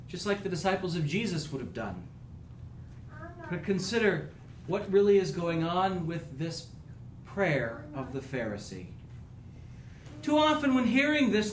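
A man's voice: high voice, a bit bright, roomy sound, a little hiss or hum, poor audio. A man preaching a sermon as pastor, with an earnest, rising and falling preaching cadence.

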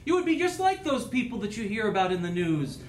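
A man's voice: sits high, very animated, fast, roomy sound, slight background noise, rough recording. A man preaching a sermon as pastor, with an earnest, rising and falling preaching cadence.

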